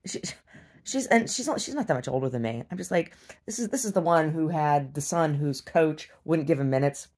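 Blunt, low-voiced woman venting. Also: expressive, moderate pace, a little mellow. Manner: blunt, profane, exasperated venting; mocks others in exaggerated voices. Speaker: video diarist. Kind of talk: casual video diary rant.

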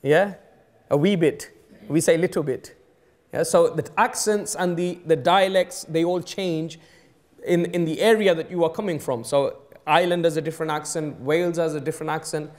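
London imam with a fairly high voice. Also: male voice, normal speed. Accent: London English. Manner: conversational teaching, frequent "okay?" checks with the audience; switches into Urdu and Arabic phrases. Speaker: imam giving a mosque talk. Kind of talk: sermon. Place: mosque hall.

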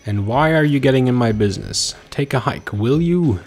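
A man's voice: medium pitch, expressive, normal speed, darkish tone, soft background music. A man voicing a brash, defensive young female photographer, reading game dialogue aloud in a raised voice. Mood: defiant.

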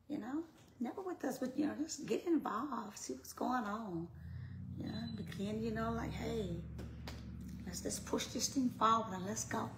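A woman ministry leader talking casually to her followers, swinging between hushed, whispery asides and loud, laughing outbursts. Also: fairly high pitch. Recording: roomy with faint noise.

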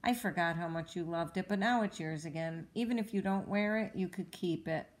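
A woman's voice: lowish voice, fairly quick, lightly acted. A woman voicing a kind, patient mother in a storybook reading, soothing and reassuring. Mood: gentle.

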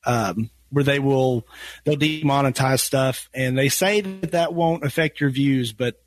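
A man's voice: medium pitch, unhurried, no room sound, faint music behind. A man with a Western Kentucky accent, chatting easily as a podcast guest, rambling a little and laughing often. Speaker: guest, gun YouTuber. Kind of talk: casual podcast chat.

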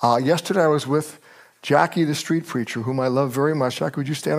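An older pastor's sermon comes in a slightly high voice at a brisk pace. He tells his stories with energy, performing the voices of those he quotes.

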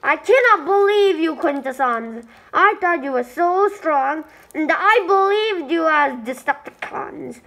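A woman voicing a boastful, angry male robot warlord in a homemade stop-motion toy movie, talking slowly and menacingly. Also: sits high, animated, a bit bright, exaggerated voice, poor audio. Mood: scolding.

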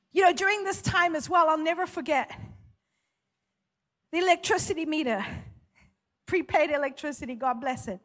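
A woman's voice: extremely high pitch, a bit bright. Woman pastor, fervent emphatic preacher, long reverb of a big hall. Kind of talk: sermon.

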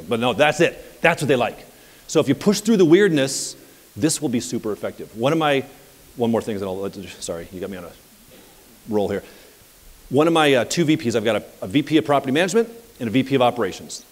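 A man coaching at a live seminar, telling anecdotes in an energetic, conversational way. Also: mid-range voice, fast talker, in a large hall. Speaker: property management business coach. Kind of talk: live seminar talk with audience questions.

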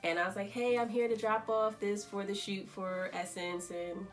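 A woman's voice: mid-range voice, moderate pace, faint music behind. Chatty New woman telling a story. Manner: animated, chatty storytelling full of quoted asides. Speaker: fashion designer. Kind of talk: casual storytime vlog.

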